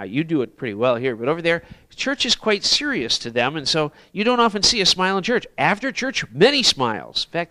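A man preaching in a church, telling a story in an animated way and acting out the exclamations of the people he quotes. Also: on the high side, no room sound. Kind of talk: sermon storytelling.

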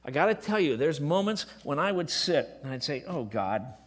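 Lively, impassioned male preacher. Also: a little high, moderate pace. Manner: emotional, swinging between hushed and impassioned. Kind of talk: sermon.

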